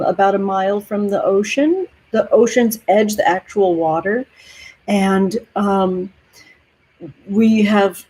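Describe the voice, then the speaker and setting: Husky, mellow-voiced woman livestreaming. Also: mid-range voice, low-quality recording. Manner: affectionate, calls viewers honey and sweetheart; gentle and emotional. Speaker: tarot reader hosting a livestream. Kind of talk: casual livestream chat with viewers. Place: home near the ocean.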